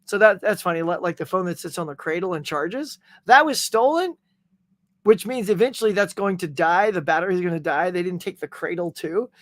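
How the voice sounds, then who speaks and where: A middle-aged man hosting a casual livestream chat, telling animated stories and reading out viewer comments. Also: high-pitched, brisk, no room sound. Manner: animated storytelling, acting out quotes. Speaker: livestream host.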